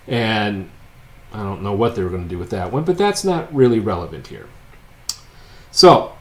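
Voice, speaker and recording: A man teaching a physics lecture in a casual, joking way, telling a story with wry asides before working through a problem. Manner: wry, joking storyteller, swings between loud and low asides. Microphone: unseen lecturer, voice-over of board work.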